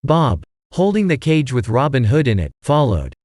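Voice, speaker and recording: A man reads a mystery audiobook in a steady storytelling voice. His pitch rises and falls freely. The recording is dry and close. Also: normal speed, no room sound. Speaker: audiobook narrator. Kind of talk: scripted narration.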